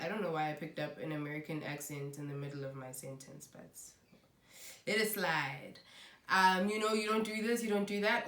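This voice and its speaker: A woman's voice: fairly low pitch, a bit bright. A woman giving an earnest, conversational faith talk to camera as a Christian vlogger, with many "you know"s. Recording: echoey room.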